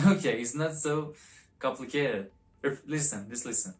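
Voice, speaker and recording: Low-voiced woman drilling French words. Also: darkish tone. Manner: repeats words slowly and coaxes the listener to repeat. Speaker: French teacher. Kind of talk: vocabulary lesson with repetition drills.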